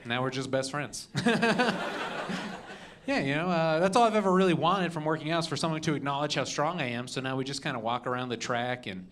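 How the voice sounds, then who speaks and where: A man's voice: a little high, fairly quick, background noise. A young man doing stand-up on a comedy club stage, punchy, with "okay?" after each joke. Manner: punchy, adds "okay?" and "all right?" after jokes.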